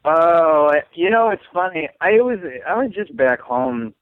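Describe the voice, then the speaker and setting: A man's voice: a little high, lively intonation, measured pace, smooth, dry recording. A man from Saint Louis, a comedian guest, chatting casually in a rambling way full of fillers and frequent laughs. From Saint Louis, USA. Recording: tinny phone-like line, dry.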